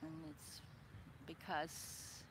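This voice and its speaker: A woman author reading her own memoir aloud, expressive and dramatic, breaking off for chatty asides. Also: extremely slow, background noise. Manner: expressive, swings between soft and loud, chatty asides.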